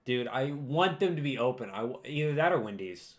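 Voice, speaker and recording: A man's voice: medium pitch, lively intonation, a little fast. A young man co-hosting a podcast, rambling and teasing in casual chat. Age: young adult. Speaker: podcast co-host.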